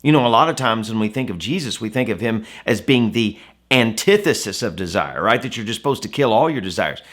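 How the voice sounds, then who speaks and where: A man's voice: fairly low pitch, lively intonation, fairly quick, a bit bright. Conversational man giving a Bible devotional. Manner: conversational, asks the listener rhetorical questions. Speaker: devotional speaker.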